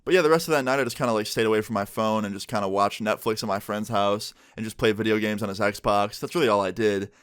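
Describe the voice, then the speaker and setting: Fast-talking young man telling a story. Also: lowish voice, smooth, no echo, clean studio sound. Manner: rapid, chatty, peppered with "like". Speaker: vlogger. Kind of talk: casual storytime.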